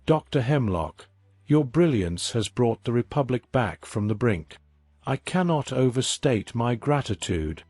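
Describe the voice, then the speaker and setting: A man's voice: medium pitch, animated, unhurried, darkish tone, no room sound. A man reading the lines of a silken-voiced, unsettling older male politician in a scripted story. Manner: silken, smooth.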